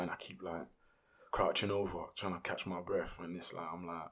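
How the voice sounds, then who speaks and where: A man, a podcast guest telling a story in casual, slangy, animated speech. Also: sits low, fast talker, slightly rough.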